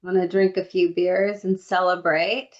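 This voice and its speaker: A woman co-hosting a podcast in casual chat, telling lively stories and acting out what people said. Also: on the low side, a little slow. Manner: lively storyteller who acts out quotes. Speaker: podcast co-host. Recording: dull lo-fi recording.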